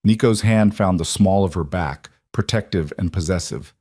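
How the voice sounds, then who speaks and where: A man narrating a scripted story in a measured, dramatic way. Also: sits low, dark tone, slightly rough, no room sound, studio quality.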